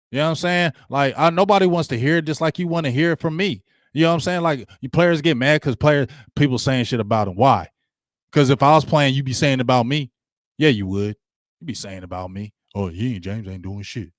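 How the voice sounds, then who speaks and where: A man's voice: fairly high pitch, dry recording, clean studio sound. A middle-aged man hosting a sports talk show, ranting with heat and slang to his live viewers. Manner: fired-up, ranting, slangy and repetitive. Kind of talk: passionate sports rant to a live chat.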